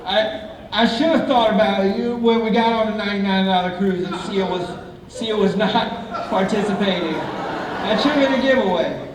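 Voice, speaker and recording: A man's voice: high voice, normal speed, a crowd in the background. A man performing a live stand-up routine on a theatre stage, telling chatty, self-mocking stories. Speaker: stand-up comedian. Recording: echoey theatre from far off.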